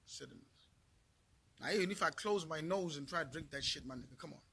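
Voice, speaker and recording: A man's voice: a little high, quick pace, vocal fry, sharp tone, husky. A middle-aged man from Zimbabwe ranting to camera in a vlog, profane, repetitive and heated. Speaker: vlogger. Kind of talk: angry rant to camera.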